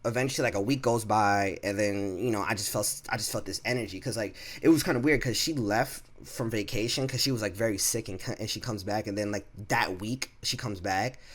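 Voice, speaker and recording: A man's voice: fairly low pitch, brisk, hardly any pauses. A young man tells a story to camera. He talks casually, rambling and restarting, and slips into other people's voices to act them out. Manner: rambling, animated, acts out coworkers' lines. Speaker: vlogger.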